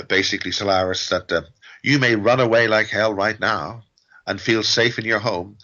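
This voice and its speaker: A man's voice: on the low side, pushed and bright, dull audio. A middle-aged man as a guest on an interview show, talking at length in a ranting, digressive way with wry asides. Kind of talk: rambling interview talk.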